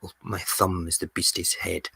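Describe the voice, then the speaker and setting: Guy hosting radio, low husky voice, bright punchy delivery, dry close mic. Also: moderate pace, no echo. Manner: animated storyteller, mimics people. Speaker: radio show host. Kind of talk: casual storytelling. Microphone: close studio mic.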